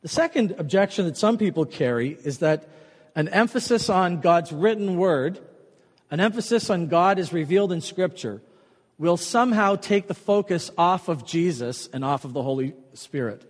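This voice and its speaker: A man preaching a sermon as pastor, emphatic, often repeating a key phrase more quietly. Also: high voice, expressive, moderate pace, in a large hall.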